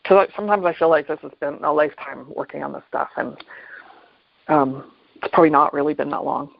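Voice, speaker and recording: A man hosting a reflective solo talk on mindfulness, unhurried and thoughtful, often pausing and restarting his phrases. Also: on the high side, vocal fry, no echo. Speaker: podcast host. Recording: dull lo-fi dry recording.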